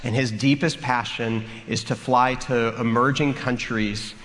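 A man preaching a sermon, telling a funny story in an animated way and acting out the characters. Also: medium pitch, unhurried. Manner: animated, acts out the story with comic voices. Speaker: pastor. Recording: long hall reverb, faint room noise.

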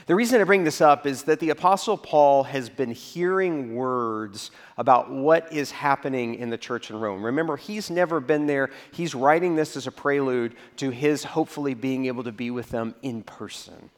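A man preaching to his congregation at a mid pitch. He tells stories in a relaxed, conversational way. He drops his voice low to act out his own reactions. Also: moderate pace, hardly any pauses. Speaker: pastor. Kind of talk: sermon.

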